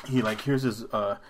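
A man's voice: medium pitch, slight background noise. A man co-hosting a podcast, retelling a scary story in a rambling, profane way with lots of restarts. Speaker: podcast co-host. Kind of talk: casual storytelling chat.

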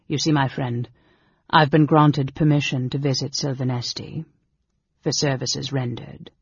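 A man voicing a cool, sly male dark elf wizard in an audiobook, speaking softly, low and offhand. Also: fairly even intonation, measured pace, breathy edge, no echo. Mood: knowing. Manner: coolly offhand, knowing. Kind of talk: audiobook character reading. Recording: dull lo-fi recording.

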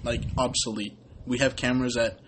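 A man's voice: mid-range voice, level tone, brisk. Blunt young man giving football takes. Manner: blunt, opinionated, laughs easily. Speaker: podcast co-host. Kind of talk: casual sports chat.

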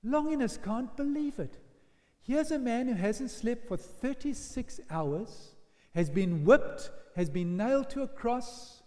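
A male preacher tells his sermon like a story, his voice sitting high and leaping around in pitch. He sinks to hushed lines and then bursts into loud shouted quotes. The sound carries the long reverb of a church hall. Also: lively intonation, slow pace.

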